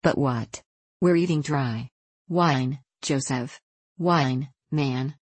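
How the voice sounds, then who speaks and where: A woman's voice: rumbling low, extremely slow, slightly rough, no echo, heavily acted. A woman reading the lines of a jovial, merry young king in a hearty, laughing manner.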